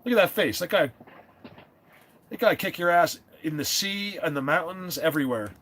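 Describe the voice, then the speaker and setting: A man hosting a live stream, chatting casually and rambling, often clearing his throat and restarting his sentences. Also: on the high side, animated, moderate pace, a bit bright, slight background noise.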